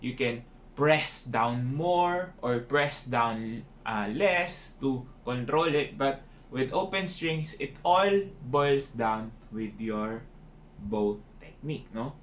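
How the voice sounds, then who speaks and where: A man's voice: medium pitch, slow pace. A man with a Filipino accent giving a casual violin lesson, often ending points with tag questions. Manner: mixes English and Filipino, frequent tag questions. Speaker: violin teacher. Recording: echoey room with faint noise.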